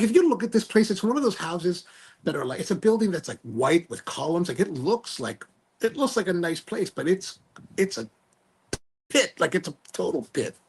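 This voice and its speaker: A male podcast host telling a story in a casual, animated way, full of slang and restarts. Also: sits high, breathy edge.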